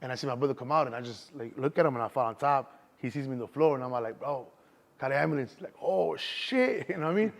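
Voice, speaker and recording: Here an interview guest, a middle-aged man from Chicago, races through casual anecdotes in a mid-range voice. He leans on streetwise slang and repeatedly drops "you know what I'm saying".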